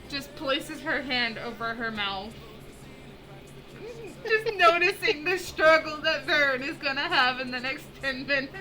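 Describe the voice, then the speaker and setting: A woman's voice: high-pitched, expressive, measured pace, bright, forceful tone, rough recording. A woman playing a tabletop game, chatty and playful as she describes her character's moves. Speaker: player. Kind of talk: casual tabletop game play.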